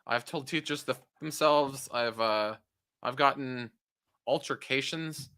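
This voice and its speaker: A young man chats on his podcast in a bright, forceful voice, recorded close and dry. He rambles from story to story, stumbles over his own words and swears freely. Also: medium pitch, a little slow, smooth, no room sound. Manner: rambling, self-interrupting, swears often. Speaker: podcast co-host. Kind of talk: casual chat.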